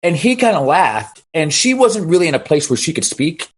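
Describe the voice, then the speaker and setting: A man who works as a DJ, telling an animated story and asking for advice on a video call, with halting restarts. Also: fairly high pitch, husky. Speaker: DJ asking a question.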